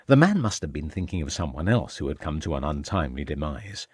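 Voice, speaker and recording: A man narrating a mystery audiobook in a measured, expressive storytelling manner. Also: rumbling low, slightly rough, dry recording.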